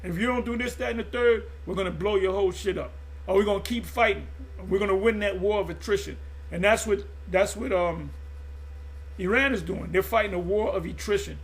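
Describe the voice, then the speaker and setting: A man's voice: sits high, a little fast. A man preaching in an impassioned monologue, emphatic and repetitive, often stumbling and restarting mid-phrase. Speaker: religious group teacher.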